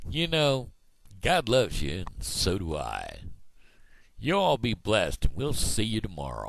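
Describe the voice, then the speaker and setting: A man's voice: lowish voice, huge pitch swings, unhurried, vocal fry, no echo. A man from Missouri with a Midwestern American accent, rambling folksy in a casual daily video blog, full of fillers. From Missouri, USA. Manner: folksy, meandering, with many fillers. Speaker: video blogger.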